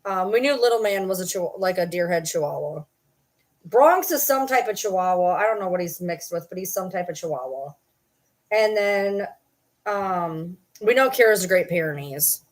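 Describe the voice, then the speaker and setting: A woman's voice: lowish voice, lively intonation, normal speed. A woman vlogging in casual chat to camera, profane and rambling, breaking off to talk to her dogs.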